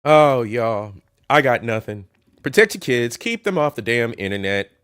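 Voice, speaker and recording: Brief: male host, mocking, swears a lot, lively swooping pitch. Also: moderate pace, smooth. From Ohio. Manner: profane, mocking, animated. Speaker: commentary host. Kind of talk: casual reaction commentary.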